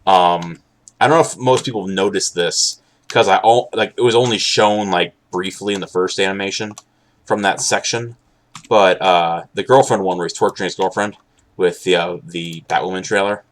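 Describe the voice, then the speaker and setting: A young man chatting casually while live streaming, rambling and halting with many restarts and an occasional sarcastic aside. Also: sits low, steady tone, slight background noise. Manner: candid, sarcastic at times.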